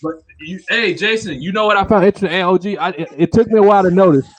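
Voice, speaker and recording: A man's voice: high voice, racing. A man hosting a livestream, chatting casually and bantering with friends while they watch a film. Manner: laid-back banter, slangy. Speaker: livestream host.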